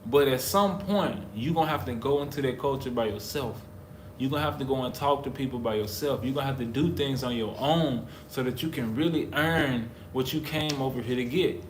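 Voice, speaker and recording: A man's voice: medium pitch, brisk. A man from the United States talking casually to camera, emphatic and preacherly, repeating his points. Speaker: vlogger, husband in couple channel. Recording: roomy echo, faint background noise.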